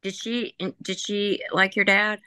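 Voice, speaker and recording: A woman working as a psychic medium in a group reading, chatting casually, laughing and passing on messages in quick, informal speech. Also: medium pitch, flat delivery, bright, forceful tone, clean tone, no room sound. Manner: chatty, laughing, relays messages in quoted voices.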